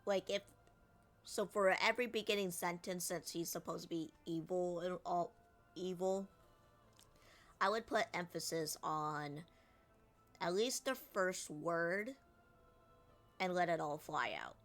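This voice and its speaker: A woman streamer in casual game commentary who picks apart voice acting with plenty of fillers. Her voice is low, slow and bright, with faint music behind her. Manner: critiques voice acting, filler-heavy.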